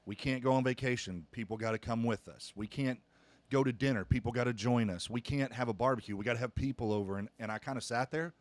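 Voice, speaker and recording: Speaking fast in a medium-pitched voice, a middle-aged man who pastors and hosts a podcast recounts a family story with earnest, frequent restarts. The talk is casual and conversational, and the recording is dry.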